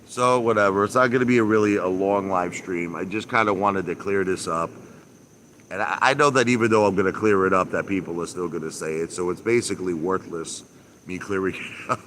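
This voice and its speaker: A man's voice: lowish voice, a bit bright, a little hiss or hum. A man live-streaming from his backyard by a pool, ranting casually, repeating himself with emphasis and mild swearing. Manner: repetitive, emphatic, mildly profane.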